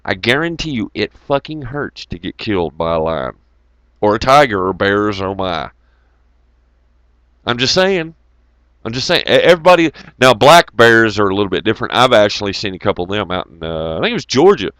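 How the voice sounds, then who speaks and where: A man's voice: lowish voice, sing-song, fairly quick, fairly bright tone, clean tone, no echo. A man, telling rambling, profane road stories to his viewers in a loose, joking way. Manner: profane, rambling, jokey, greets chat viewers. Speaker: channel host. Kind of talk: casual rambling storytelling to viewers.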